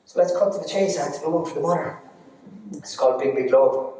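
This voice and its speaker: A man's voice: on the high side, fast talker, mellow, slight background noise. An Irish man performing spoken word poetry live on stage, reciting rhythmically and breaking off for chatty, jokey banter with the audience. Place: arts centre stage before an audience. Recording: echoey hall from far off, music.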